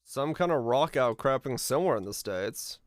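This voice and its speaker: A man's voice: mid-range voice, animated, normal speed, no echo, studio quality. Laid-back male streamer musing aloud. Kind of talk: casual live-stream chat while playing a geography game.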